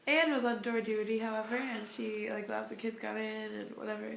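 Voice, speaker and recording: A woman's voice: fairly high pitch, little pitch movement, brisk, gravelly, background noise. A young woman in her twenties, a volunteer, chatting casually with a wry, offhand way of telling stories. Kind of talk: casual chat. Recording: echoey room.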